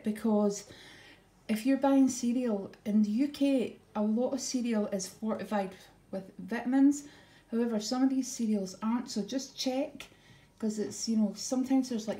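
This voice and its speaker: Fairly high yet mellow, the voice belongs to a middle-aged woman doing a casual grocery haul vlog. She's homely, um-prone, and a bit short of breath. Faint noise and room echo come through.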